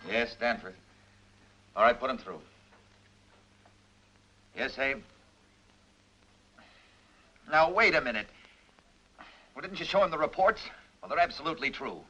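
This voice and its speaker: A middle-aged actor playing a tough, stubborn police captain who presses hard and talks forcefully. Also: male voice, medium pitch, big pitch swings, breathy edge, exaggerated voice, rough recording. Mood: pressured. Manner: forceful, pressing, rapid interrogator.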